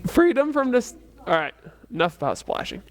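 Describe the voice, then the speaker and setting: A man's voice: very high-pitched, big pitch swings, normal speed. A man leading a casual church youth lesson in a rambling, chatty way, full of fillers and restarts. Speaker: youth Bible teacher.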